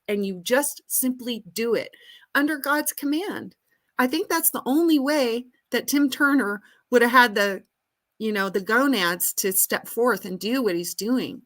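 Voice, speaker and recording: A woman's voice: fairly high pitch, unhurried, fairly bright tone. A woman hosting a live question and answer session, lecturing in an earnest, emphatic way. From United States. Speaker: host answering audience questions. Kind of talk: live Q and A talk.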